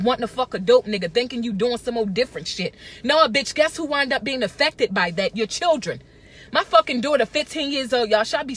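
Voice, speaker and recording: A woman's voice: a little high, fairly bright tone. Blunt, profane woman ranting. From Baltimore. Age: 30s. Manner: blunt, profane, preachy and emphatic. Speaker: vlogger. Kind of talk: casual rant to camera.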